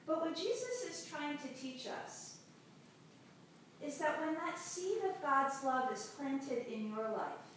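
A woman pastor preaches a sermon in a slow, measured storytelling style with frequent pauses, her high voice animated and fairly bright. She sounds far from the mic, and a very echoey hall carries faint background noise.

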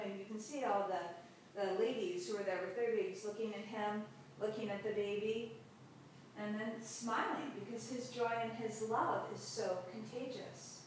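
A woman pastor giving a sermon, telling a story in a slow, measured way with long pauses. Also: medium pitch. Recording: very echoey hall, distant mic, faint noise.

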